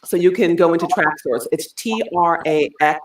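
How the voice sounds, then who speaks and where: A woman's voice: lowish voice, moderate pace, distant mic. Upbeat woman singer on an echoey call. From New York. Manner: upbeat, heartfelt, rallying. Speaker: singer and guest. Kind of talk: casual video-call chat.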